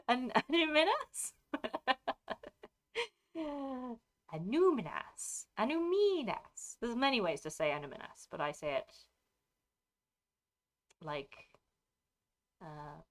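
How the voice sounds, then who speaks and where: A woman streaming live talks casually with viewers in an English received pronunciation accent. Her voice sits on the high side and sounds a bit bright, and she rambles in a scattered way, interrupting herself and laughing a lot.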